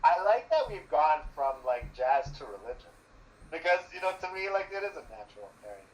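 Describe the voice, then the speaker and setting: A man with a fairly high voice talks eagerly and loosely and keeps reaching for words. He sounds distant and muffled, as if picked up by a lo-fi mic across the room, with a faint hiss underneath. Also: big pitch swings, a little fast. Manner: enthusiastic, rambling, heavy with filler words. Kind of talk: casual chat.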